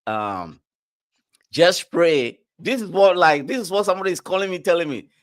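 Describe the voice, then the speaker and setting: A man in casual podcast chat, telling a story with animated quoted dialogue and plenty of swearing. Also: sits high, quick pace.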